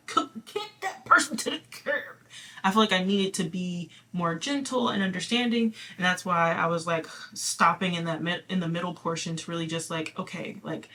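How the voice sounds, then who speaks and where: A woman's voice: on the low side, a bit bright. Chatty woman doing a casual card reading. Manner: chatty and reassuring, many fillers and laughs. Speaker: tarot reader.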